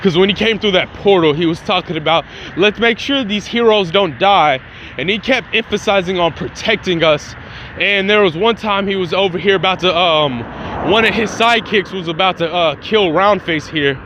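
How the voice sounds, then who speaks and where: Slangy, rambling male storyteller, bright voice. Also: sits high, slight background noise, poor audio. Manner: rambling, slangy, profane, full of restarts. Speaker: fan storyteller. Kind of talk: casual improvised fan-fiction retelling.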